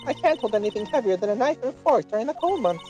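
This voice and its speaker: A woman's voice: fairly high pitch, expressive, fast talker, warm tone, faint music behind, lightly acted, poor audio. A woman voicing a teasing, dramatic older nun. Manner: theatrical, teasing line reading. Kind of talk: game script voice reading.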